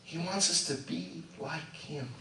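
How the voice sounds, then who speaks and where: A middle-aged male pastor preaching a sermon, swinging between loud animated bursts and hushed asides. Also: a little high, slow, slight background noise. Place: church sanctuary. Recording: echoey church sound from a distant mic.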